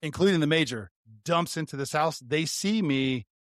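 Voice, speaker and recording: A man's voice: on the high side, moderate pace, dry recording, studio quality. A man, a retired deputy co-hosting a podcast, telling a story in casual chat. He swears freely, talks animatedly and often restarts his sentences. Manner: profane, animated, frequent restarts.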